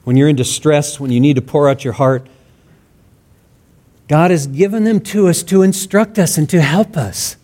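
A man's voice: a little high, normal speed, a little mellow. A man preaching a sermon in an earnest, conversational way, acting out sample prayers in his own words. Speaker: pastor.

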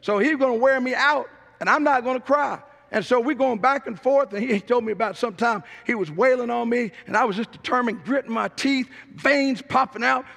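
A middle-aged pastor with a drawl preaches in an emphatic, storytelling way, driving his points home by repeating them. His voice sits high and carries a gravelly rasp, ringing out with a long reverb through a church sanctuary. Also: fairly quick, hardly any pauses, fairly bright tone. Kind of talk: sermon.

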